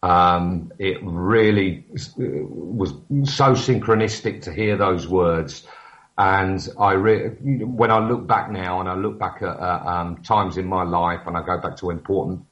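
Deep-voiced man on a muffled call. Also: a little slow, fairly bright tone. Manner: earnest, hesitant with restarts and fillers. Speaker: radio show guest. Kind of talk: casual chat over a call. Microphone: internet voice call. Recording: dull, muffled call line.

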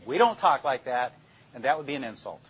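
Older male detective, husky, plainspoken storyteller; dull lo-fi room recording. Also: medium pitch, expressive, a little fast. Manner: plainspoken, anecdotal, acts out interrogation lines. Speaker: police detective speaking to law students. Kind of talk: storytelling lecture.

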